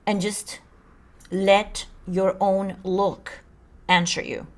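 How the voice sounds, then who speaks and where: A woman's voice: mid-range voice, little pitch movement, extremely slow. Earnest woman podcast host, dramatic delivery. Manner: earnest, dramatic, sometimes acts out voices. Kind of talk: casual spiritual podcast chat.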